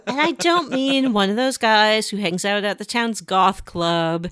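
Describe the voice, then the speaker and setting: A woman's voice: medium pitch, unhurried, a bit bright, clean tone, no echo, clean studio sound. A woman co-hosting a podcast, chatting casually and teasingly about a video game. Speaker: podcast co-host.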